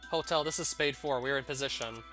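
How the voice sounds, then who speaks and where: A man's voice: mid-range voice, fast talker, bright, forceful tone, faint music behind, lightly acted. A man reading a disciplined soldier who reports in formally. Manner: formal, clipped.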